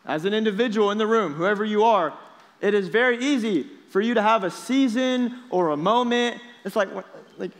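A young man preaches to a youth group, casual and energetic, keeping the students involved with quick questions. His voice sits a little high. The long reverb of a large hall trails behind his words. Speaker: youth pastor. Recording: echoey hall.

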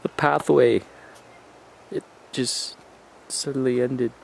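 A man in a comic found-footage parody, filming himself on a handheld camera outdoors in a forest. He fakes panic, jumping between hushed whispers and high squeals. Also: fairly even intonation, slow pace, gravelly, slight background noise, low-quality recording. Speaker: amateur filmmaker playing a lost hiker.

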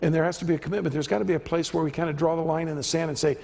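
A man's voice: fairly high pitch, steady tone, racing, vocal fry, darkish tone. A man preaching a sermon in a church, emphatic and acting out the quoted voices he describes. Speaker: visiting preacher. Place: church sanctuary. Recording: church hall reverb.

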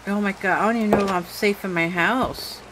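A woman's voice: medium pitch, steady tone, a little fast, background noise. A woman hosting a horror game let's-play, jumpy and full of exclamations, talking straight to her viewers. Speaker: gaming channel host.

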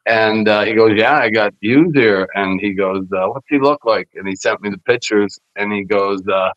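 A man from Canada, a guest wrestler telling rambling, animated stories with lots of fillers and swearing. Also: fairly low pitch, moderate pace, dry recording. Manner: animated storyteller who acts out other people's lines; rambling, with many fillers and profanity. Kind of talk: casual storytelling interview. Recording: slightly muffled dry podcast audio.

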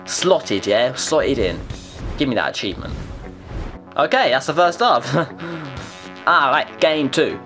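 Excitable young gamer, lively voice. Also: male voice, mid-range voice, takes it slowly, long pauses, faint music behind. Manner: excitable, swearing, talks to himself about his own play. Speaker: gaming video creator. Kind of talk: live gameplay commentary.

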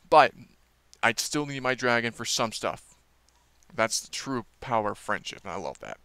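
A man's voice: mid-range voice, sharp tone, clear, resonant tone, dry recording. A man casually reviewing a movie trailer, rambling with lots of fillers and restarts.

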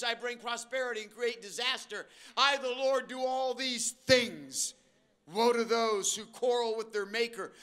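In a church auditorium, an older pastor with an extremely high-pitched voice preaches a sermon, swinging between slow emphatic phrases and quick asides with sudden shifts in pace and loudness. He briefly acts out the voices of the listeners and people he describes.

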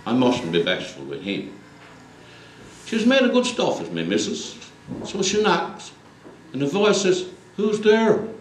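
A man performs a comic recitation, his pitch rising and falling lively as he tells it. He stands far from the mic in an echoey concert hall with a faint murmur of room sound. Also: measured pace, a little hiss or hum. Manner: lively storytelling.

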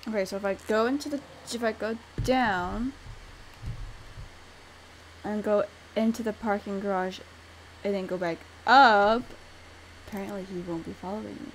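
A woman's voice: mid-range voice, steady tone, moderate pace, pauses often, slight background noise, rough recording. Chatty young woman playing a game. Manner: chatty, talks herself through the route. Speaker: gamer streamer. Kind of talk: let's-play commentary.

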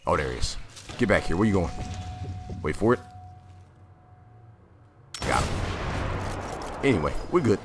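A man giving casual gameplay commentary, jumpy and prone to sudden loud exclamations, with a slightly raspy voice. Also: sits low, very animated, measured pace, pauses often, noisy background. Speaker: gamer.

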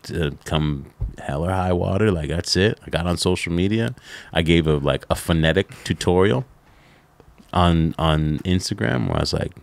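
A middle-aged man, a podcast guest, telling stories in a casual interview, animated and laughing, with lots of "like" fillers. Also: sits low, moderate pace, vocal fry, dry recording.

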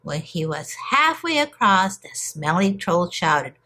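Woman teacher, storybook read-aloud for kids, very lively pitch, slightly husky. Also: slow pace, few pauses. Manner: expressive, storytelling. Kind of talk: reading a storybook aloud to children.

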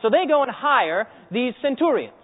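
A man preaching a sermon to a congregation, telling a story with animated energy and quizzing his listeners. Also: very high-pitched, normal speed, slightly rough. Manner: animated storytelling, acts out scenes and quizzes the audience. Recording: echoey hall over a tinny phone-like line.

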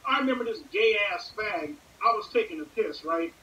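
A man's voice: sits high, lively intonation, fairly quick, bright, forceful tone, recorded from a distance, lo-fi sound. A young man telling a rambling, profane comic story with lots of fillers. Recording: echoey room, off-mic, faint hiss.

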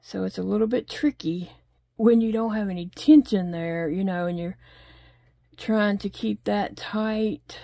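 A woman's voice: medium pitch, measured pace, gravelly, mellow, no room sound. A middle-aged woman chatting casually at home while she crochets, rambling along and talking to her pets. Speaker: crochet vlogger. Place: home desk.

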